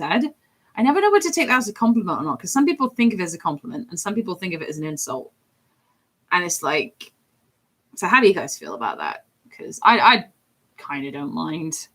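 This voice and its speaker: A woman's voice: fairly low pitch, big pitch swings, brisk, a bit bright. Woman rambling casually on a drawing stream. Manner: rambling and chatty, with many fillers. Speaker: streamer and hobby artist. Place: home office.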